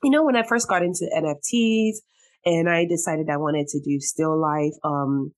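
Woman host, low-pitched, bubbly and emotional, laughs a lot in casual chat. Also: moderate pace. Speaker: podcast host.

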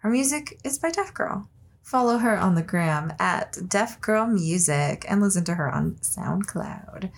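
A woman's voice: mid-range voice, expressive, a little slow, creaky, slight background noise. Woman podcast cohost, chill and chatty, cusses a lot, recorded at home. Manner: loose, chatty, swears freely. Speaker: podcast co-host. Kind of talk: casual chat with ad reads.

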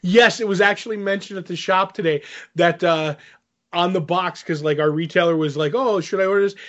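A man co-hosting a podcast, casually telling stories in an animated way and quoting himself as he goes. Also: sits high, a little fast. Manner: animated storyteller, quotes himself. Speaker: podcast co-host. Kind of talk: casual chat, telling an anecdote. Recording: dull lo-fi sound.

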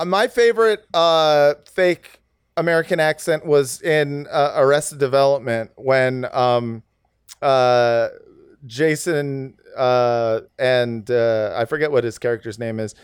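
A man's voice: medium pitch, clear, resonant tone, dry recording, clean studio sound. A man co-hosting a podcast, joking casually and mimicking voices in his stories. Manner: playful, quick to mimic others in quoted voices. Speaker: podcast co-host.

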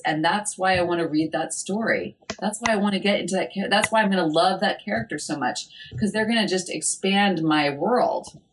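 A chatty woman speaking as a literary agent in a casual interview. Her voice sits a bit low, and her delivery is animated and full of fillers. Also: a little hiss or hum.

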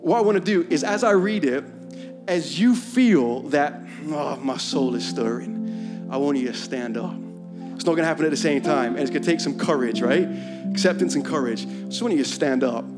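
A man preaching a sermon, reading psalms aloud in an earnest way and building to a loud, fervent chant. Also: fairly high pitch, a little fast, loud music behind the voice.

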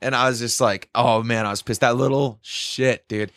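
A young man telling a concert story in casual chat, excitable and swearing, with loud quoted outbursts. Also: medium pitch, moderate pace, no echo, studio quality.

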